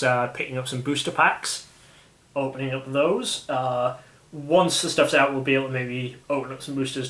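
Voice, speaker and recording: A man's voice: medium pitch, fairly bright tone. A British man hosting a casual chat about a card game, rambling and often restarting his sentences. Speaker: channel host. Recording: echoey room.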